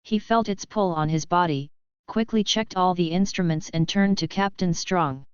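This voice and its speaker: A woman narrating an audiobook in a steady, measured reading. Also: on the low side, clean tone, no echo, dull audio. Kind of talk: scripted narration.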